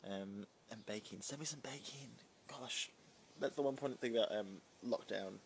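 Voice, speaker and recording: A man's voice: mid-range voice, normal speed, a little hiss or hum. A man hosting a casual phone livestream from home, rambling and reading viewer comments aloud. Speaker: livestream host. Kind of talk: casual live-stream chat.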